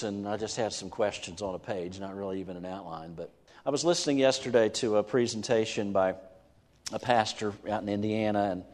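A man's voice: on the low side, a little mellow. A man preaching a sermon. He puts questions to his listeners and reads scripture aloud with rising fervor. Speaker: pastor. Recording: long hall reverb.

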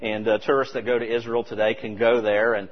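A man's voice: lowish voice, a little fast. Preaching man in an echoey hall. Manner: animated, emphatic preaching with conversational asides. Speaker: pastor. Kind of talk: sermon. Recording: dull, reverberant hall recording.

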